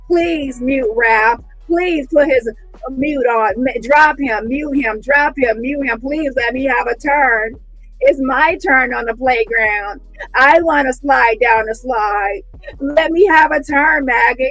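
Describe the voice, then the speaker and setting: A woman's voice: high-pitched, slow pace, a bit bright, soft background music, full character voice, low-quality recording. A woman voicing a pleading middle-aged man who begs again and again for his turn to speak, in a whiny voice. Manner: whiny, begging.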